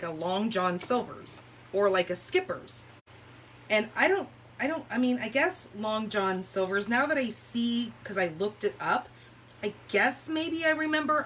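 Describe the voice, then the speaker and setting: A woman with a bright, forceful voice hosts a crafting livestream from her home, chatting casually as she works. She rambles from one story to the next and laughs easily, with a faint hum of noise behind her. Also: mid-range voice. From California. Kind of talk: casual chat while demonstrating paper crafts. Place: room at home.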